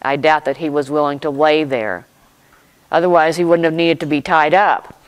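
A pastor preaching a sermon, retelling a scripture story in slow, deliberate short phrases with pauses and reflecting aloud. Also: medium pitch, little pitch movement, smooth, poor audio.

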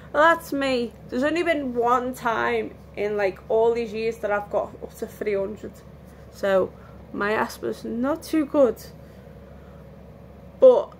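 A woman talks slowly and loosely from home in a casual vlog, worn out and given to restarts. Her fairly high voice has a gravelly edge, with a faint hiss underneath. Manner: rambling, candid, restarts often. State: tired, yawning. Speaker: vlogger. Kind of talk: casual lockdown vlog chat.

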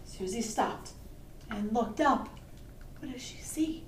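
Whispering, a woman librarian reads a picture book to toddlers at a slow pace, pausing often, her fairly high voice expressive and sing-song as she coaxes the children to chime in. The mic sits at a distance in a roomy space with faint ambient sound.

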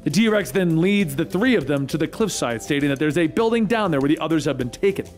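Guy retelling a comic story, animated and high pitched, quick lively delivery. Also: faint music behind. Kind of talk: comic story recap narration.

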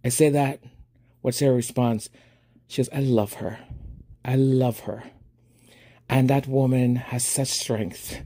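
Dark, husky male podcast host storytelling. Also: mid-range voice, measured pace. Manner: animated, laughing, acts out both sides of a dialogue. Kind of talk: casual storytelling monologue.

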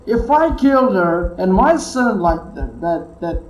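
A man's voice: sits high, sing-song, a little slow, few pauses, reverberant, rough recording. A man commentating his own horror gameplay, jumpy and muttering curses to himself. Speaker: gamer playing a horror game.

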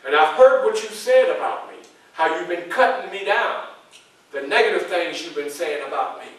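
A man's voice: high-pitched, lively intonation. A guy doing a polite careful old-time president, raised voice, echoey far off sound. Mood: courteous. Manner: measured and courteous. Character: tall calm 19th-century male president, cautious and polite.

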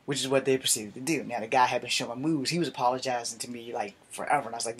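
A man telling a story from his youth in a casual live stream, animated and profane. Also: medium pitch, very fast, few pauses, a little hiss or hum.

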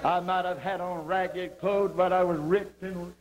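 Heard through a very noisy, humming 1980s video recording, this male evangelist from South Georgia recounts his testimony in a sermon. His tone stays steady and unhurried, though his impassioned storytelling sends his voice high on emphasized words.

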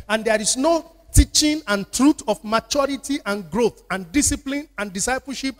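Speaking at normal speed with hardly a pause, a pastor with a Nigerian accent and a very high, animated voice preaches in a church. He repeats phrases and draws answers from the congregation, all echoing through a reverberant church hall.

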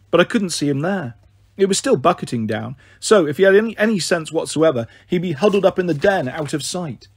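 A man narrating a children's novel in a steady, measured first-person reading. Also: fairly high pitch, slightly rough, no echo, studio quality. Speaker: storyteller. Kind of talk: audiobook narration.

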